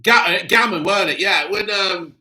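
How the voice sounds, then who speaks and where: A man's voice: high-pitched, moderate pace, sharp tone, rough recording. Blunt, swearing man. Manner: blunt, gruff, cheerfully crude. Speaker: livestream host reading chat. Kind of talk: casual live chat, heavy swearing.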